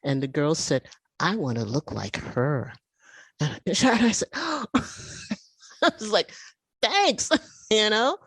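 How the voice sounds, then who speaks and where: Woman, 70s, recovery share; lively swooping delivery, lowish voice, dry close sound. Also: slow, long pauses, husky, no room sound. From United States. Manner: animated, emotional storytelling. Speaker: meeting speaker. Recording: video call audio.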